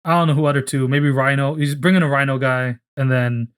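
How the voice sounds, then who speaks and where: A man's voice: mid-range voice, steady tone, a bit bright, smooth. Rambling young man, casual talk. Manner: rambling, acts out characters in quick voices, swears freely. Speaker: podcast co-host. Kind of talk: casual chat, pitching a story.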